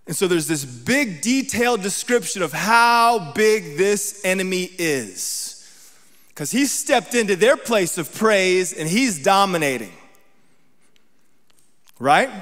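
Male guest preacher, slightly high voice, chatty sermon delivery, long hall reverb. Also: lively intonation, unhurried, long pauses, a bit bright. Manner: conversational, checks in with the congregation often; reads scripture aloud with emphasis.

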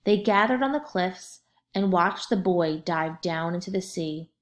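A woman narrating a children's storybook aloud in a steady, expressive way. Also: fairly low pitch, measured pace.

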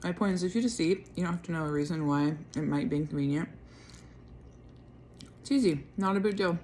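A woman's voice: fairly low pitch, brisk, darkish tone, slight background noise. Tired woman talking late at night. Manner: chewing while talking. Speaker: vlogger. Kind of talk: late-night casual vlog.

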